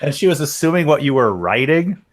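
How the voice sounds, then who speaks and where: A man's voice: on the high side, very animated, brisk. Wry, teasing man in casual chat. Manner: wry, teasing, laughs along. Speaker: podcast co-host.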